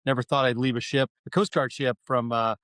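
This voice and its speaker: A middle-aged man from New York recounts his career in an earnest, conversational way, stopping and restarting his sentences often. His voice is smooth and clear at an average pitch. The recording is dry and close, with no room sound. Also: little pitch movement, brisk, fairly bright tone, no echo. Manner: frequent restarts and fillers, earnest. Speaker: university president, guest. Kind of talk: conversational storytelling.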